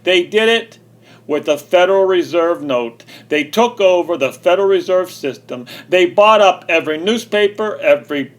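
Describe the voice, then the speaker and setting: A man rants at length in an indignant, repetitive way, circling back over the same phrases. His voice sits high for a man, and he keeps hammering each point. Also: lively intonation, normal speed. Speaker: video commentator. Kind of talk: angry ranting monologue.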